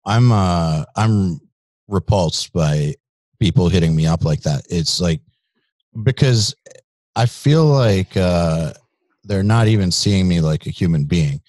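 A man with a very low voice speaking candidly as a podcast guest. His delivery is blunt and straightforward, and the sound is dry with no room echo. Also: expressive, slow pace, darkish tone. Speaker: podcast guest, company CEO. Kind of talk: casual interview chat.

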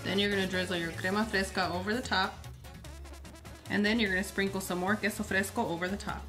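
A woman's voice: mid-range voice, steady tone, a little fast, over music. A woman hosting a cooking channel, giving upbeat, chatty step-by-step recipe narration.

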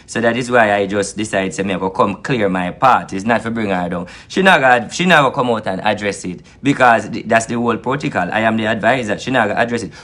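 A man's voice: on the low side, fairly bright tone. A man with a Jamaican accent, a spiritual advisor delivering an angry, repetitive monologue full of grievance and swearing.

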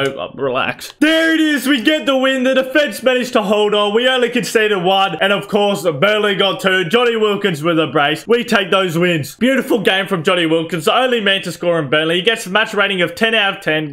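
A gaming YouTuber, a young man with a fairly high voice, gives excited commentary on his football video game match. He swings between calm play-by-play and loud yelling, shouting at players, swearing freely and calling his viewers "boys" again and again.

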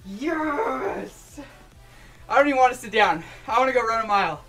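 A young man streaming a game, yelling and cursing with joy, his voice hoarse from shouting. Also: very high voice, lively intonation, rapid-fire, soft background music. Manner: ecstatic shouting, cursing, repeated yells of yes. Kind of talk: live-stream game reaction.

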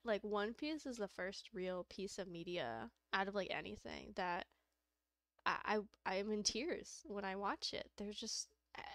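A young adult woman streaming casual chat, rambling and excitable, laughing often and swearing casually. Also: medium pitch, no echo, studio quality.

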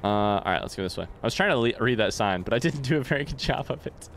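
Animated swearing man gaming. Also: mid-range voice, fast talker, gravelly, slight background noise. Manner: animated, swears often, talks to game characters. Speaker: let's play gamer. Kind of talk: casual gameplay commentary.

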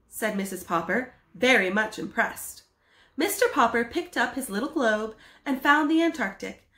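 A woman reading a children's book aloud as a drama teacher, in an animated and expressive way. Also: mid-range voice, moderate pace. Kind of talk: storybook read-aloud for children. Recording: echoey room.

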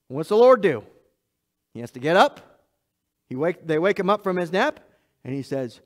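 A man preaching a sermon as pastor of a church, emphatic and repetitive, swinging between loud and hushed lines and speaking straight to the congregation. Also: high voice, very animated, fairly quick, long pauses. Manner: laughs at himself, talks to the congregation directly.

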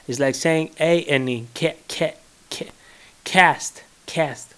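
Slow-talking young Greek-accented man. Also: medium pitch, steady tone. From Greece. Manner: rambling, joking, searches for words. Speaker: vlogger. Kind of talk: casual solo monologue. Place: his home.

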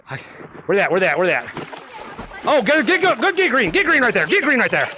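A man in his thirties excitedly shouting and laughing through VR gameplay commentary from his apartment, on a headset mic. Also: very high-pitched, fast talker, long pauses, soft background music. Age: 30s. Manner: shouty, playful, laughing a lot. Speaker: gaming content creator.

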